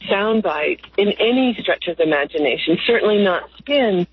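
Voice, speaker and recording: Husky woman guest on a tinny phone line. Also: medium pitch, lively intonation, no echo. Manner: slow, earnest, lyrical phrasing. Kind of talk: reflective interview talk.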